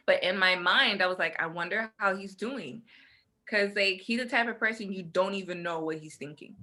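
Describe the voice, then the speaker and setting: A young woman co-hosts a casual podcast chat, telling her story in an animated way and acting out the lines other people said. Her voice is bright and forceful, with a mid-range pitch. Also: moderate pace. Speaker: podcast co-host.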